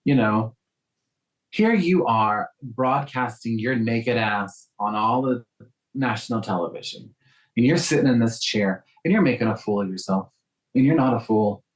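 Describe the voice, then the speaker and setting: A man's voice: mid-range voice, unhurried, poor audio. A man from South Texas with a faint Southern accent, a guest talking in a casual interview, telling stories with frequent ums and restarts.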